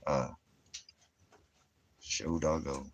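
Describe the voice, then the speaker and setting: A man's voice: very deep voice, steady tone, very slow, a little hiss or hum. A man ranting in a rambling, heavily profane monologue as the host of his own channel. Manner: swears heavily, rambling, laughs often.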